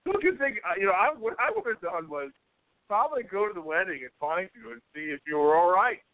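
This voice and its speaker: A man with a high, very lively voice chats casually as a host, often breaking into laughter and exclamations. The sound is thin and phone-like, with a dry, close feel. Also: fast talker, dry recording. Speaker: podcast host. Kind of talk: casual chat.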